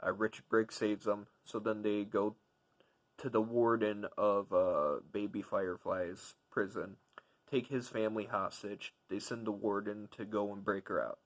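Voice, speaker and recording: A young man talks through a film review in a loose, rambling way, leaning on fillers and circling back on his points. His voice sits a bit on the low side, and he gets openly enthusiastic about what he liked. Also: fairly even intonation, unhurried, rough recording. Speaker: movie reviewer. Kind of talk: casual spoken film review.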